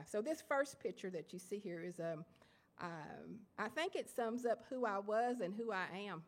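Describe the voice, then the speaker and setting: A woman with an Appalachian Kentucky accent giving a lecture to an audience of writers, self-deprecating and halting, with many fillers and restarts. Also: medium pitch, expressive. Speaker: guest lecturer. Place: lecture hall before an audience.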